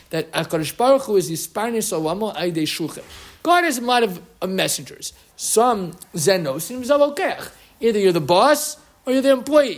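A man giving a lively Torah lesson to a room of listeners, quoting Hebrew sources with emphatic rises. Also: high voice. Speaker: rabbi teaching a class. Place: room with an audience.

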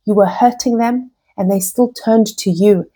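Breathy woman teaching scripture. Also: mid-range voice, moderate pace. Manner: expressive, reads Hebrew verses then explains in English. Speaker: Torah teacher. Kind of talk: recorded lesson on scripture.

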